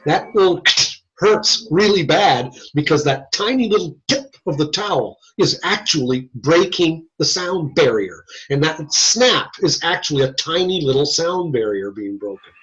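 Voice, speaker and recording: A man's voice: fairly high pitch, lively intonation, measured pace, a bit bright, slightly rough. A man lecturing a class in a folksy, joking, conversational way, in a dull lo-fi classroom recording. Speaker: instructor. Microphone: video call or room mic.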